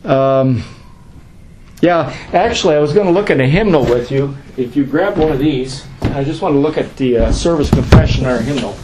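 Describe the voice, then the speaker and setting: A man's voice: medium pitch, normal speed, a little mellow, slight background noise, poor audio. Man pastor teaching a class. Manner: conversational, asks questions and answers them.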